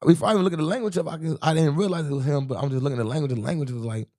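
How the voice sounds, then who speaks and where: A man's voice: on the high side, very fast, a little mellow. A young man from the US Midwest, a rapper guest in an interview, telling a rambling, profane street story and often asking "you know what I'm saying".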